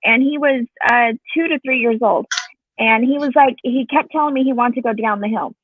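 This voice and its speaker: A woman's voice: on the high side, normal speed, dry recording. A woman chatting in a support group call, telling family stories with lots of laughter. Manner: animated storyteller, laughs often, acts out quotes. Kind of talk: casual chat. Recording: tinny phone line, dry.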